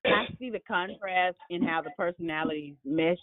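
A woman in casual group chat, telling lively family stories and acting out the voices of relatives. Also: fairly low pitch, moderate pace. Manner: animated storyteller, acts out family members' voices. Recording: tinny phone-like line.

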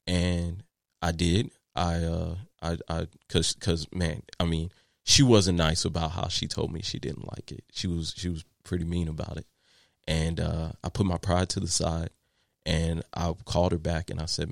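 Deep gravelly man telling a story. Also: moderate pace, dry recording, studio quality. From Texas. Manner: animated, repeats words and fillers while telling a story. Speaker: guest, landscaping business owner. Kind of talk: casual storytelling in an interview.

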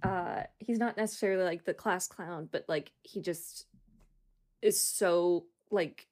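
A woman's voice: lowish voice, unhurried, a little mellow. A young woman co-hosting a podcast, bubbly and rambling, often laughing between thoughts. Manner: bubbly, giggly, rambling with fillers. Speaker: podcast co-host. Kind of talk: casual chat.

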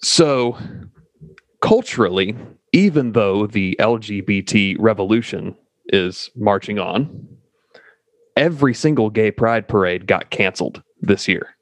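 A man co-hosting a podcast, talking bluntly with a provocative edge. His voice sits on the low side. The sound is dry, with no room in it. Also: animated, unhurried, no room sound. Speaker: podcast co-host. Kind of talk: casual podcast discussion.

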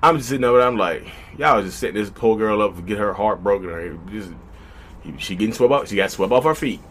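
A man, hosting a podcast in a casual, animated monologue. He rattles along at a brisk clip, talking straight to his listeners and slipping into quoted voices. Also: on the low side, a little hiss or hum. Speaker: podcast host.

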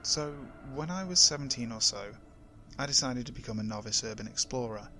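A man reading first-person horror stories aloud in a measured, steady voice that drops low for suspense. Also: faint music behind. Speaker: horror story narrator. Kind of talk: scripted horror narration.

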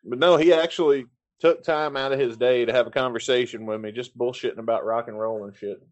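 A man's voice: medium pitch, fairly even intonation, a little fast, muffled recording. A man hosts a podcast, spinning a long, loose story in casual chat. He swears freely and keeps stopping to restart his sentences. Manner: profane, rambling storyteller. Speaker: podcast host.

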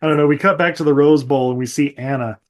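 A man hosting a podcast recaps a movie in loose, chatty fashion, laughing often and swearing freely. His voice sits on the higher side for a man. He drops into goofy voices for the characters now and then. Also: fast. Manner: laughing, profane, acts out characters in silly voices. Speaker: podcast host. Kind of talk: casual movie recap chat.

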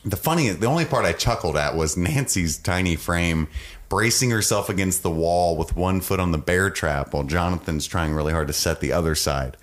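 A man's voice: low voice, normal speed. A man co-hosting a podcast, recapping a TV episode in casual chat, joking and laughing often. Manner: jokey, acts out scenes in silly voices, laughs often. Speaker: podcast co-host.

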